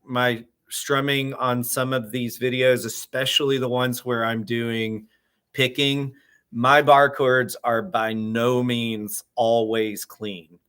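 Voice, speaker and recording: A man teaching guitar in a casual, halting way, often repeating words as he explains and counting beats aloud. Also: medium pitch, flat delivery, a bit bright, smooth.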